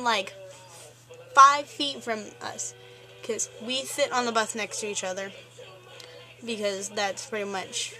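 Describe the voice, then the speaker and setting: A woman's voice: a little high, low-quality recording. A teenage girl ranting in a rambling, exasperated way, full of fillers. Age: teens. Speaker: vlogger. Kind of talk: ranting vlog.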